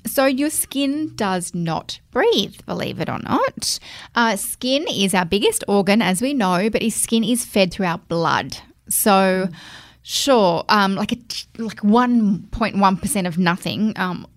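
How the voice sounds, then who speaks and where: A woman's voice: mid-range voice, animated, slow pace, no room sound. Chatty woman co-host, matter-of-fact explainer, dry close sound. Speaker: podcast co-host. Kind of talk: casual chat.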